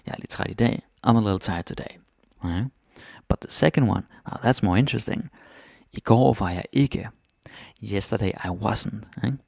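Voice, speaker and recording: Gravelly low-voiced male language teacher. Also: moderate pace, no echo, studio quality. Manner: relaxed, chatty, keeps asking "right?". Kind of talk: casual grammar lesson.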